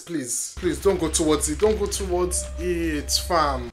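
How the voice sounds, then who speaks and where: A movie reaction vlogger chatting casually, talking back to the screen and shouting warnings at the characters. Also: medium pitch, takes it slowly. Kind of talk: casual live reaction to a film. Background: film soundtrack music playing.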